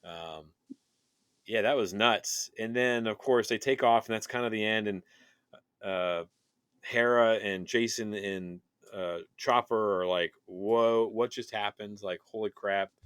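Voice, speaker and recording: Excited man in casual chat, lowish. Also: a little slow, clean tone, no echo, clean studio sound. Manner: excited, rambling, lots of fillers. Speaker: podcast co-host.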